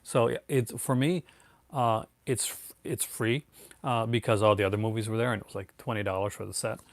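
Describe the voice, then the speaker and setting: A man's voice: on the low side, fairly even intonation, moderate pace, no echo. A man in his thirties hosting a casual live stream, rambling with many fillers and restarts and calling people "man". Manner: laid-back, says "man" a lot. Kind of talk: casual live-stream chat, answering viewers.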